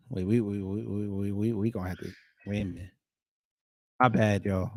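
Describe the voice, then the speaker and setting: A man giving casual, joking reaction commentary, animated and sometimes shouting. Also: on the low side, normal speed, pauses often.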